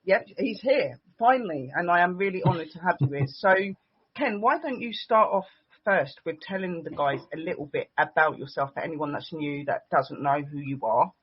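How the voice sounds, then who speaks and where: A woman's voice: low-pitched, animated, normal speed, husky, highs cut off. A woman hosting a casual online talk show, chatty and enthusiastic, often addressing the audience as guys. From United Kingdom. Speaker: show host.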